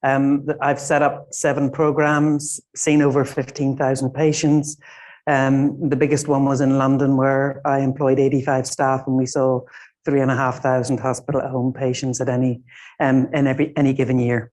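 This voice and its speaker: A woman's voice: extremely low pitch, level tone, moderate pace, a little mellow. A middle-aged Irish woman giving a conference presentation in a small room, speaking informally with many fillers. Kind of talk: conference talk.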